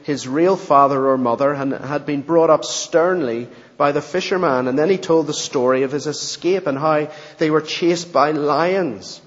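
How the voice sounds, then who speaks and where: A man preaching a sermon and reading a story aloud, in a measured, earnest way. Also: fairly high pitch, big-room sound, lo-fi sound. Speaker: pastor.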